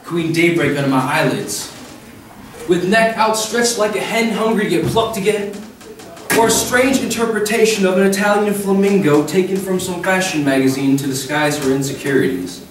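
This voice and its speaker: A man reads his poem at an open mic, measured and dropping slow at key words. His voice carries a heavy echo from far off the mic. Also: high voice. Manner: measured, slows down for emphasis. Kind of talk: poetry reading. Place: cafe stage at an open mic. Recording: very echoey cafe, distant mic.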